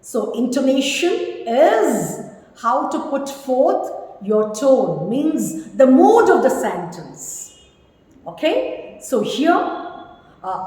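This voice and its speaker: Fiftyish lady teaching english, slow and emphatic, kinda high voice, big echoey room. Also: sing-song, a little mellow. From India. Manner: emphatic, instructive, repeats key words. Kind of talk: spoken English lesson. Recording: echoey room with long reverb.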